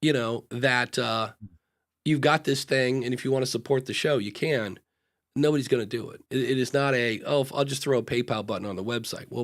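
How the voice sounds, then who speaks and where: On a live advice podcast, a co-host with a middling male voice talks openly and casually, stumbling through fillers and restarts. Every so often he performs rapid mini-dialogues, voicing both himself and those he coaches.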